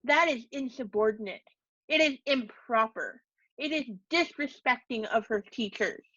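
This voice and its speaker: A woman's voice: on the high side, expressive, measured pace, a bit bright, dry recording, dull audio. A woman doing a furious immigrant father. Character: angry Dominican immigrant father, stern, in broken English.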